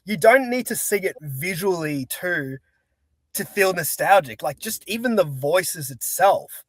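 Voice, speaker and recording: A man's voice: high voice, expressive, measured pace, no echo. Eager fan-like man host, dry sound. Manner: enthusiastic, fan-like, with filler likes and stumbles. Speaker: podcast host. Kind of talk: casual interview chat.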